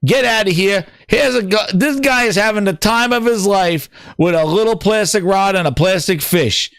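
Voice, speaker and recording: A fired-up man with a high, bright voice rants about games, his pitch leaping all over as he swears and repeats himself. The sound is close and dry, with no room around it. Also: moderate pace, clear, resonant tone, dry recording. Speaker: podcast host. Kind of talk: profane ranting gaming commentary.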